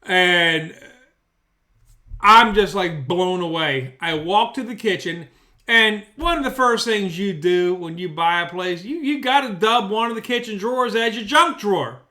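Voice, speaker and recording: A man's high-pitched, bright voice carries a forceful tone as he tells a rambling, foul-mouthed story at a measured, animated pace. He's a storytelling vlogger recording in his bedroom on a studio mic.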